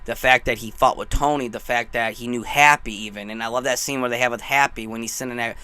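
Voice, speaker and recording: A young man giving an excited, rambling movie review, gushing and emotional as he talks. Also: mid-range voice, fast talker, clean tone.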